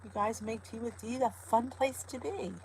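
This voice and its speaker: A woman's voice: a little high, fairly even intonation, normal speed, slight background noise, rough recording. A middle-aged woman hosting a casual live stream chat from home, greeting her viewers by name in a chatty, cooing way. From New Jersey. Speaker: host of a live weight loss chat.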